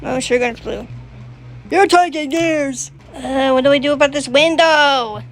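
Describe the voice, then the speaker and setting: A young woman with a very high voice talks slowly through her gameplay, panicking and stammering with nervous filler sounds. Game music plays clearly behind her. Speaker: gamer playing a video game. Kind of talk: gameplay commentary.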